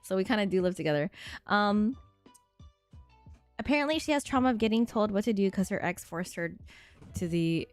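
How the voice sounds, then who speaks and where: A woman's voice: medium pitch, expressive, moderate pace, long pauses, no room sound. A young woman streamer in casual chat, rambling and laughing as she reads chat aloud and answers it, swearing freely. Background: faint music.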